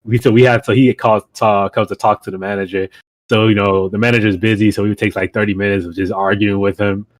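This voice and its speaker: Low-voiced man telling a rambling story. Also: little pitch movement, quick pace, dry recording. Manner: rambling anecdotal storyteller, many fillers and restarts. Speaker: podcast co-host. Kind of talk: casual chat.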